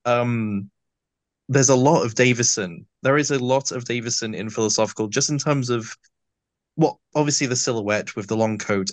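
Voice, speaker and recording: A man's voice: mid-range voice, no echo. Man with a lisp, dry sound. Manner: long, detailed, flowing explanations. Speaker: audio drama actor, guest. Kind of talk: casual interview chat.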